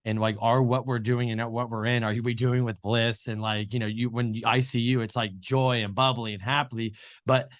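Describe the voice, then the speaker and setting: A man with a middle-pitched voice, co-hosting a casual interview show. He rambles along, stacking up fillers and acting out what other people said. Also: little pitch movement, moderate pace. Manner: rambling storyteller with many fillers and retold dialogue. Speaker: co-host.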